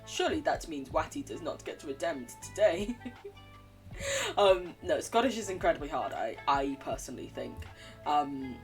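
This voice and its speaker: Giggly English woman streamer, lively. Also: sits low, moderate pace, soft background music. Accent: standard English. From England. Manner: giggly, chatty, teasing. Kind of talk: casual live-stream chat while gaming.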